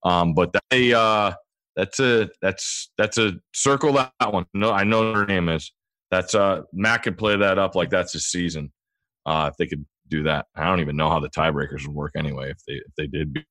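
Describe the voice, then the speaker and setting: Man, guest sports analyst, casual rambling talk, very deep voice, dry studio sound. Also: normal speed, a bit bright, no room sound. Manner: rambling, self-correcting talk.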